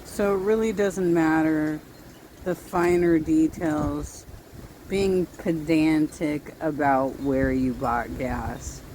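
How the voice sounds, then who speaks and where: A woman commentator cuts in over a stream clip with dry, sarcastic remarks. Her voice sits very low and her delivery is slow and deliberate. Noticeable background noise runs under the recording. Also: mellow, poor audio.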